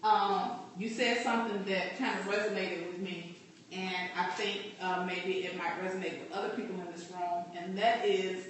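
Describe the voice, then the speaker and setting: A woman's voice: fairly low pitch, fairly even intonation, normal speed, slight background noise. A woman life coach giving a direct, encouraging motivational talk to a group. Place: meeting room. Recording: echoey room, distant from mic.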